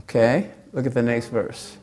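Woman pastor preaching with animation. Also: normal speed. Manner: animated preaching, acts out quotes with big swings in pitch and volume. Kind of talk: sermon.

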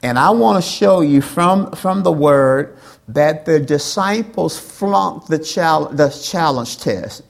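A woman's voice: low voice, animated, takes it slowly, vocal fry. A woman preaching in church, prompting the congregation to answer back and repeating phrases for emphasis. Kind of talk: call-and-response sermon.

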